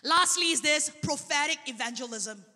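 A woman preaching a sermon, telling a testimony in an animated way. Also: high-pitched, normal speed. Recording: long hall reverb.

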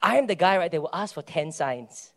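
A man's voice: a little high, lively intonation, a little fast, gravelly, fairly bright tone. A man, preaching a sermon in a conversational, storytelling way and often checking in with "right?". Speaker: pastor.

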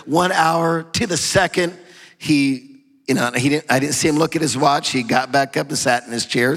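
A middle-aged man preaching a sermon, telling a story and swinging from loud praise to quiet asides. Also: mid-range voice. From half German, half Hispanic. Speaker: pastor. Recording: long hall reverb.

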